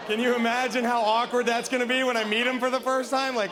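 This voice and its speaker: High-voiced animated man doing stand-up. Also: fairly quick, few pauses. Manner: animated, acts out scenes in silly put-on voices. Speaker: stand-up comedian. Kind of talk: stand-up comedy set. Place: comedy club stage. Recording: live stage recording with clear room noise. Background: audience laughter.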